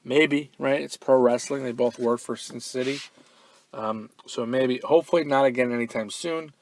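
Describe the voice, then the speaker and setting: A man hosting a fan-mail podcast in a relaxed, offhand way, full of ums and uhs, now and then breaking into loud, profane excitement. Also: medium pitch, normal speed, slight background noise. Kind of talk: casual podcast chat.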